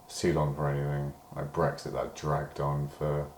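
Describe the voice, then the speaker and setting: A man's voice: very deep voice, monotone, moderate pace, a little mellow, reverberant, a little hiss or hum. A British man in a rambling personal diary monologue, meandering and hedging, swearing when he gets worked up. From Britain. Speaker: diary vlogger.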